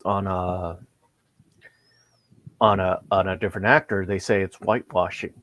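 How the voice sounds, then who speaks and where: A man in casual voice chat on a live stream, talking haltingly and restarting his sentences often. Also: sits low, fairly even intonation, a bit bright, dry recording.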